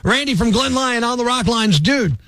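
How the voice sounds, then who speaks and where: A man's voice: very high-pitched, expressive, moderate pace, fairly bright tone, dry recording. A man hosting a morning radio show, wisecracking and ranting with energy between caller calls. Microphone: studio mic.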